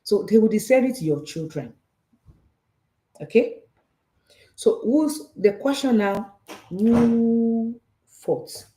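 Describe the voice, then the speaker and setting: Warm-voiced Nigerian woman, animated host. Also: fairly low pitch. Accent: Nigerian Yoruba. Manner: animated and repetitive, with frequent rhetorical checks. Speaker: talk show host on personal finance. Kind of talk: casual teaching talk, switching between English and Yoruba. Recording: roomy echo.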